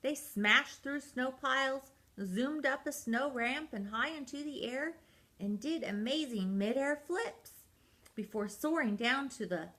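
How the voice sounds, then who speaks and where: An older woman, a grandmother, reading a picture book aloud in a gentle, unhurried way. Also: high voice. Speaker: storyteller grandmother. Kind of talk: storybook read-aloud.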